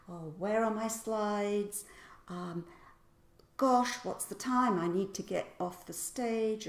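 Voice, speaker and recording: In a casual public speaking lesson, a voice and speaking coach with a medium-pitched voice playfully acts out example lines, exaggerating the stress. Her voice sounds reverberant.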